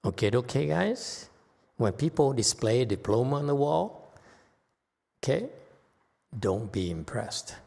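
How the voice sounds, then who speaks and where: Slow-speaking man lecturing in a reverberant hall. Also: mid-range voice, vocal fry. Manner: slow, animated, quizzes the audience. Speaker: Buddhist teacher. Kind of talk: Dharma lecture.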